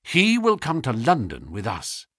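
A man reading aloud, voicing a keen, commanding detective with crisp, intense speech in a storybook. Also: mid-range voice, wildly swooping pitch, unhurried, fairly bright tone, dry recording, studio quality, full character voice. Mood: intent.

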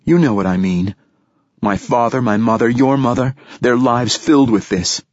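A man's voice: low voice, lively intonation, fairly quick, mellow, no echo, dull audio. A man voicing a weary, bitter young woman in a storybook reading, with raised, exasperated outbursts.

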